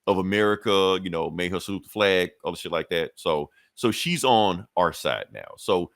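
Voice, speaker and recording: Man, low-pitched, casual profane comic-recap host, dry close sound. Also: animated, creaky, fairly bright tone, dry recording. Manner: loose, profane storytelling with quick acted-out quotes. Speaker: comic book podcast host.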